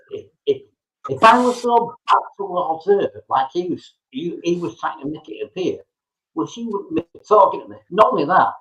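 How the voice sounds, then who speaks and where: Agitated man, high lively voice. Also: highs cut off. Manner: agitated, repeats himself, swears. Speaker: livestream chat member. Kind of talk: heated argument.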